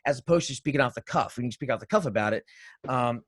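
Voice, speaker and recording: Male co-host, mid-pitched, energetic rambling chat, dry sound. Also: quick pace, no echo. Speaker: podcast co-host. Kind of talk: casual live-stream chat.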